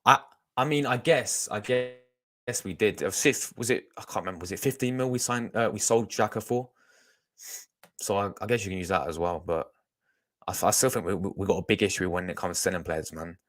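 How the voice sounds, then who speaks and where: A man's voice: fairly low pitch, fairly quick. A young man, chatting casually to his live-stream audience as a fan channel host, rambling with lots of restarts. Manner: rambling, chatty, talks to chat, restarts a lot.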